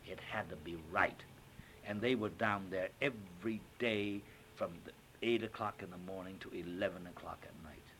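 An older man and stage actor, recounting an anecdote in an interview as an animated storyteller who acts out quotes with frequent fillers. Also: sits low, moderate pace, slight background noise.

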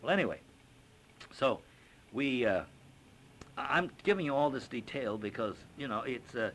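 An older man and stage actor, recounting an anecdote in an interview as an animated storyteller who acts out quotes with frequent fillers. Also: medium pitch, moderate pace, a little hiss or hum.

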